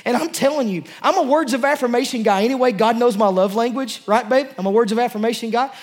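This fast-talking male pastor, whose pitch is extremely high, delivers a sermon to his church congregation. He is emotional and passionate, and his speech is loose and conversational, restarting often.

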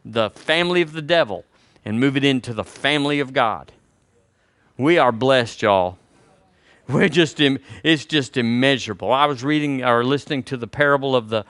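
A man's voice: mid-range voice, fairly bright tone, no room sound. An older man, preaching a sermon to his congregation in a folksy, conversational way. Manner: folksy, conversational preaching with y'all and homespun examples. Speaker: pastor.

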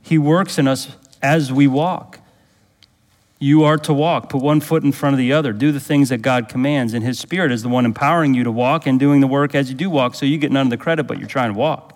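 A man's voice: brisk, big-room sound. A pastor preaching a sermon, emphatic, drawing answers from the congregation and rising to fervent intensity when he prays aloud. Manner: emphatic, asks the congregation to fill in words; rises to fervent, higher-pitched intensity in prayerful passages.

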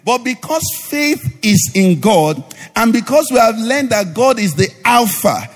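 Male pastor, high sing-song call-and-response sermon, live hall reverb. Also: sing-song, a little slow. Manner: call-and-response preaching, asks the congregation to finish sentences; sing-song rising delivery at climaxes. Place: church. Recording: live church hall with reverb and faint music.

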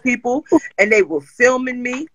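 A woman hosting a casual chat show, telling stories loudly and bluntly with lots of swearing. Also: on the high side, normal speed, dry recording, low-quality recording. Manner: loud, profane, animated storytelling. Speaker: host.

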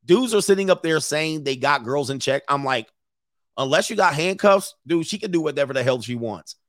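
A man hosting a live commentary, reading messages aloud and reacting to an audience in the room with blunt, profane, animated asides. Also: a little high, normal speed, no room sound, studio quality. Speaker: commentary host.

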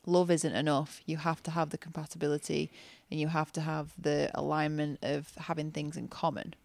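A woman's voice: low voice, little pitch movement, normal speed, gravelly, darkish tone, no echo. A woman co-hosting a podcast, chatting casually in an earnest, reflective way. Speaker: podcast co-host, partner of the host.

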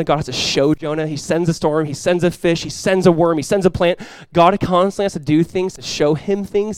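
A man's voice: a little high, no room sound. A young man preaching a sermon as pastor, conversational and self-deprecating, rising to emphatic peaks. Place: church.

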